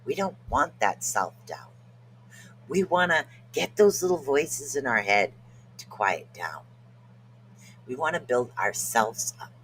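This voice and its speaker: A podcast co-host talks casually about self-help with a bright, forward tone. They joke around and laugh at themselves when tricky words trip them up. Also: medium pitch, slight background noise. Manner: jokey, laughs at own stumbles over words.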